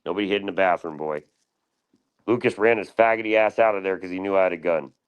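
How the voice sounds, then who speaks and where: A man with a fairly low voice hosts a livestream, firing off taunts and swearing at a rival in rough, heated banter. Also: fast, lo-fi sound. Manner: taunting, profane trash talk. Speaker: livestream host.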